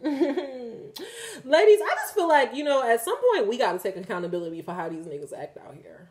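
A woman, speaking in a slightly high voice. She lectures her viewers bluntly and profanely, laughing as she goes. Her delivery keeps jumping between loud and quiet. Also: very animated, moderate pace. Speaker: tarot reader and channel host. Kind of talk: candid spoken reading to viewers.

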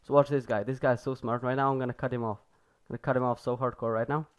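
A teenage boy giving casual, excitable gameplay commentary as a gaming video host, swearing and repeating himself when the action gets tense. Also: mid-range voice, very fast, smooth. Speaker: gaming YouTuber.

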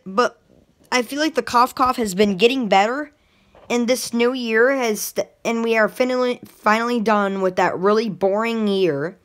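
A woman talking to camera in a casual vlog, thinking aloud in a rambling, unhurried way. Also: mid-range voice. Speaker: vlogger.

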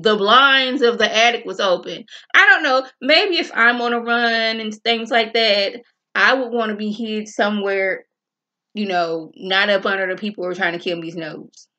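A woman casually recapping a TV episode in an animated, colloquial way, acting out the characters' lines. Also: mid-range voice, highs cut off. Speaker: TV show reviewer.

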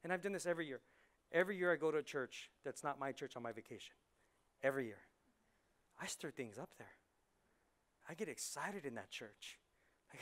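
A man preaching a lively sermon in a church, dropping to near whispers and rising to excited shouts, often acting out quick voices. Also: high voice. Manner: animated, swings from hushed to shouting, acts out voices. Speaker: pastor. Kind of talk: energetic sermon. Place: church hall.

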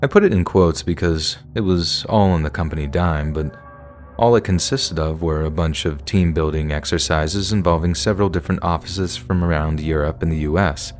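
A man's voice: sits low, normal speed, faint music behind. A man narrating a first-person horror story in a casual, conversational way.

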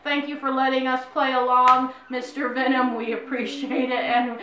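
Woman, casual chat host, high and bright voice, laughs and swears, sits back from the mic. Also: flat delivery, normal speed, distant mic, a crowd in the background. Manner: laughs a lot, swears freely, loud outbursts. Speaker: co-host of a horror review channel. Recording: echoey room, away from the mic, faint hiss.

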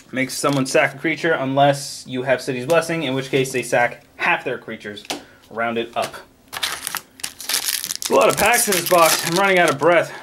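An excitable man rattles off card names while opening packs, joking as he goes. His voice sits a little high for a man. Faint shuffling of cards runs in the background. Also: a little hiss or hum. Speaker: card pack opening vlogger. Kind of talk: casual card unboxing commentary.

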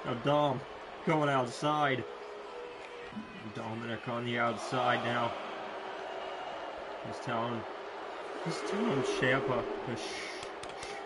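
A man doing amateur play-by-play commentary on a wrestling match, drawn-out calling broken by sudden excited shouts and swearing. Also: medium pitch, heavy background noise. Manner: slow, drawn-out calling between bursts.

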